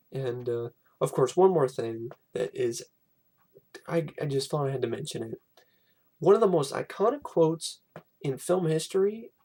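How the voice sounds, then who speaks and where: A young man giving a casual, exasperated film commentary, animated and swearing freely. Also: on the high side. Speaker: film reviewer.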